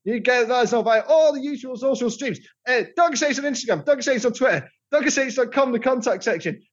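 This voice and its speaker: A man's voice: very high-pitched, lively intonation, a little fast. A man co-hosting a podcast, rambling through self-mocking jokes in casual chat. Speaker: podcast co-host. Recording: dull lo-fi podcast audio.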